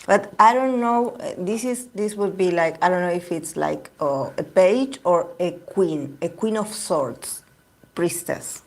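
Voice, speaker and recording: A woman's voice: fairly low pitch, unhurried. A woman whose first language is Spanish, giving a casual tarot reading to camera and often searching for words. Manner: hesitant, searching for words, many fillers. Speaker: tarot reader.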